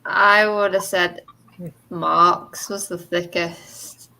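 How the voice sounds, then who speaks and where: A woman's voice: lowish voice, fairly even intonation, very slow, gravelly, bright, forceful tone, rough recording. A woman with a mix of Liverpool and posh English accent, chatting casually on a video call, giggly and bluntly teasing. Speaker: group chat participant. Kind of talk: casual chat.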